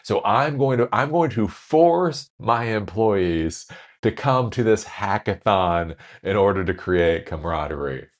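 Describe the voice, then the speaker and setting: Self-protective middle manager, sarcastic and slow, low voice done by a man in passing. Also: lively intonation. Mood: scheming.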